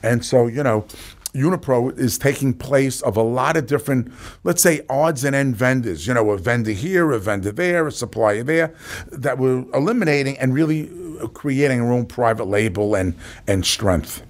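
A man with a thick New York accent, speaking at an average pitch in a loose, chatty interview. He is a business guest who tells lively stories and fills his sentences with "you know" and "uh". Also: moderate pace. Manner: animated storyteller, many fillers. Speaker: company executive guest. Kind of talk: casual interview talk.

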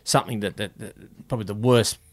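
A male podcast host with a low voice keeps up a stream of quick agreement as his guest talks. His own comments come fast and brief, and he stays easygoing. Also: steady tone. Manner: agreeable, mostly short "yeah" backchannel. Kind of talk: casual podcast chat.

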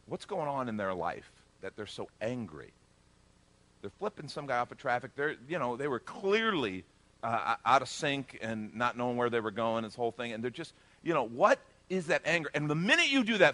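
A middle-aged man preaching a sermon in a bright, forceful voice. He talks in a relaxed, chatty way with jokey asides, then swells loud to drive points home. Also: medium pitch, brisk, no room sound. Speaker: pastor.

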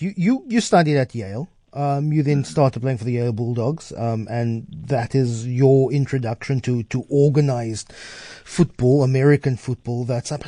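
A South African man hosting a morning interview, chatty and halting with frequent restarts. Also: fairly high pitch, mellow, no room sound. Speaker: radio host.

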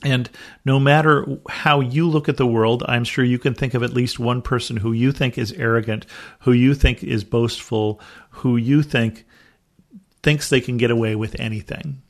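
A man's voice: medium pitch, steady tone, normal speed. A man from the United States teaching a Bible study podcast, reading scripture aloud and then explaining it earnestly.

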